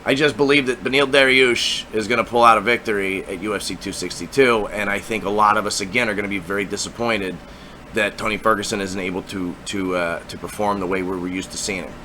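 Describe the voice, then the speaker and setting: Profane, excitable man breaking down fights. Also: on the low side, fast talker, slight background noise. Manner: profane, excitable, repetitive and rambling. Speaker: MMA fight predictions host. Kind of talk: casual fight-prediction monologue.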